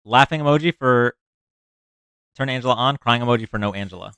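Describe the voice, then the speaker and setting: A man's voice: mid-range voice, brisk, a bit bright, clear, resonant tone, dry recording, studio quality. A man hosting a casual livestream, chatting and explaining a word game to his chat with frequent restarts. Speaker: livestream host.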